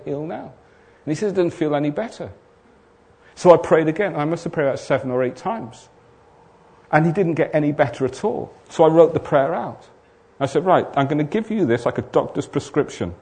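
A man's voice: medium pitch, a little mellow. A man preaching to a congregation. He tells his story by playing out the back-and-forth of a conversation, then builds into emphatic, urgent exhortation. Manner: acts out both sides of conversations, rising to emphatic exhortation. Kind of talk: sermon with storytelling.

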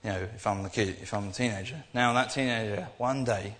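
A man's voice: lowish voice, fairly quick, fairly bright tone. A young man giving an informal sermon, talking in a rambling, earnest way with many restarts. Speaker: preacher. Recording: echoey hall.

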